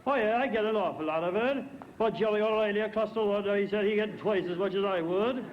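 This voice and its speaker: A man's voice: high voice, a little fast, dull audio, slight background noise, natural voice. A man putting on an old farmer in a told joke, sly and easygoing.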